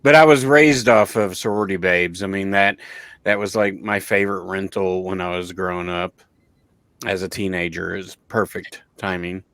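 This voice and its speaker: A man's voice: deep voice, moderate pace, no room sound. A man co-hosting a podcast, chatting casually as a fan and filling his talk with ums and likes. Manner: relaxed, filler-heavy fan talk, laughs often. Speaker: podcast co-host. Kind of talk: casual chat.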